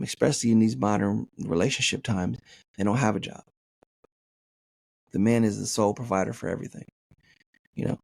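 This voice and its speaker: A man's voice: on the low side, vocal fry, darkish tone, slightly rough, no room sound, studio quality. A man hosting a podcast, reading a listener's email aloud and riffing on it in a joking, profane way, saying "man" constantly. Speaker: podcast host.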